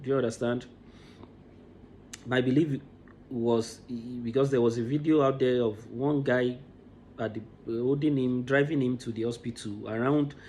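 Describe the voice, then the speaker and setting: Man, vlog commentary, emotional, repeats himself, mid pitch. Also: fairly even intonation, moderate pace, mellow, slight background noise. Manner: emotional, repeats words as he restarts. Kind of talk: impassioned commentary.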